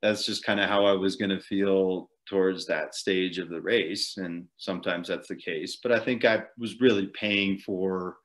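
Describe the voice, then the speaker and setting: A man's voice: deep voice, fairly even intonation, moderate pace, few pauses, fairly bright tone. A man being interviewed on a podcast, recounting a long race in a loose, rambling way with frequent chuckles and fillers. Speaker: podcast guest, ultrarunner. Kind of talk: casual storytelling interview.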